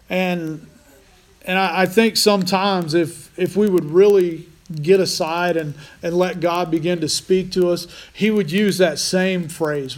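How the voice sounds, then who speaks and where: A man's voice: high voice, fairly even intonation, a little slow. A man preaching a conversational sermon as pastor, restarting phrases often.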